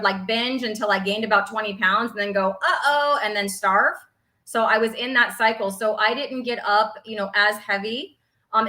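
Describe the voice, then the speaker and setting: A woman in her forties co-hosting a casual livestream chat, chatty and quick to laugh. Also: on the high side, sharp tone, low-quality recording. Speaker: livestream co-host.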